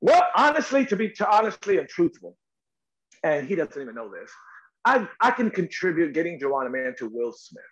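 With the highs cut off from the recording, a middle-aged man from North Carolina speaks briskly at a fairly high pitch. He's an actor guest in a storytelling interview, animated in his telling, repeating words and acting out quotes.

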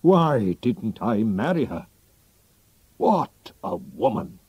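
A man's voice: fairly low pitch, very animated, slow, darkish tone, slightly rough, no room sound, full character voice. A man voicing an impulsive, emotional king in a storybook reading, speaking in exclamations and pleas. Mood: dramatic. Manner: exclamatory, dramatic.

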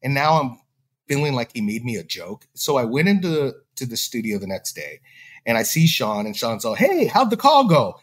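Animated storytelling man. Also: medium pitch, moderate pace. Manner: animated, acts out quoted dialogue. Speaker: podcast guest. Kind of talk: casual storytelling.

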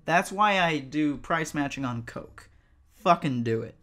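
Bright, swearing storyteller ranting. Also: mid-range voice, expressive, measured pace. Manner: profane, exasperated, ranting. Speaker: retail cashier telling a work story. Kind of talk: animated storytime vlog.

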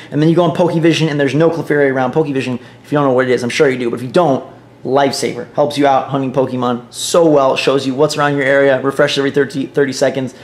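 A young man giving casual, jokey commentary on a mobile game, playful and excitable. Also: a little high, echoey room. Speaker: gaming vlogger.

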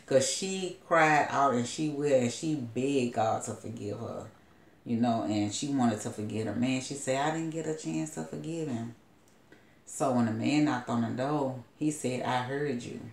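A woman's voice: extremely low pitch, darkish tone, echoey room. A woman prophetess retelling a story as a sermon, in a loose, rambling storytelling manner with asides.

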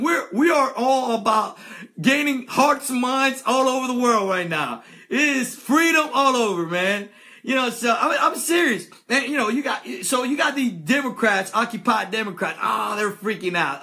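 A man hosting a political video rant, loud and excitable, often shouting and laughing as he talks. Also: very high-pitched. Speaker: video host.

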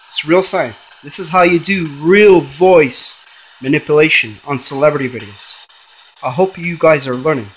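A man hosting a ghost-hunting vlog, calling out repeatedly to spirits and then lecturing insistently in drawn-out, emphatic explanations. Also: on the high side, fairly bright tone, husky, rough recording. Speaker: paranormal channel host.

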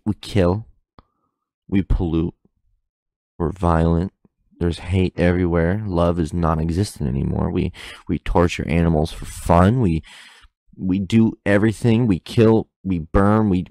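A man's voice: low-pitched, a little mellow, no echo. A young man rambling through a solo podcast at home on a close mic, interrupting himself and swearing casually. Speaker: podcast host. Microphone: close microphone in front of face.

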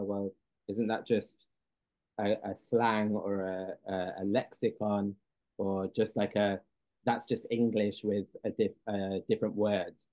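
A man's voice: lowish voice, no echo. A man giving a lecture, explaining patiently with frequent ums and uhs and checking whether his audience follows. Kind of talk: classroom lecture. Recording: dry, tinny phone-like sound.

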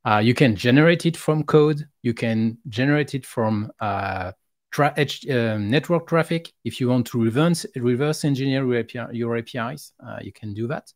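A man's voice: medium pitch, normal speed, no echo. A man from France with a French accent, a guest explaining his work over a video call, careful and hesitant with frequent fillers. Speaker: guest, API expert. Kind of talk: casual interview.

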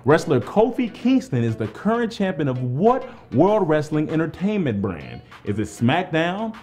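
A man's voice: on the high side, huge pitch swings, moderate pace, darkish tone, soft background music. A man hosting a live trivia game, hyped up and playful, joking with the players between questions. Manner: hyped-up, playful, jokey, talks straight to the players. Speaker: trivia game show host.

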